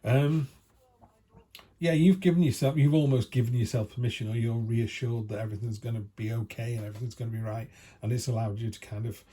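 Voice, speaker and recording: Chatty man with a mellow, dark voice. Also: mid-range voice, steady tone, brisk. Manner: chatty, filler-heavy, enthusiastic. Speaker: tarot reader. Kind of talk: casual spoken tarot reading. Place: home by a field. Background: faint outdoor ambience, dogs passing.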